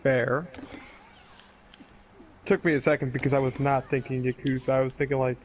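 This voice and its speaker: A man's voice: medium pitch, flat delivery, moderate pace, a little hiss or hum. A man chatting casually and jokingly as he leads planning for a tabletop game, laughing often.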